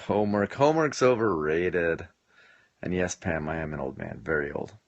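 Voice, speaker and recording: A man's voice: sits low, expressive, normal speed, dry recording, muffled recording. A man in his late twenties hosting a casual live stream from his home basement, reading and answering viewer comments in a joking way and laughing often. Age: late 20s.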